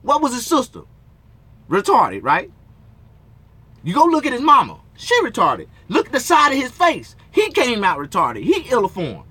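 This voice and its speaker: A man with a high, bright voice that leaps around as he rants. He curses constantly and rambles from one complaint to the next, hosting his own talk show from inside his motorhome. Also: huge pitch swings, moderate pace, slightly rough, no echo. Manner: profane, rambling rant with frequent cursing. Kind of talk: solo ranting talk show.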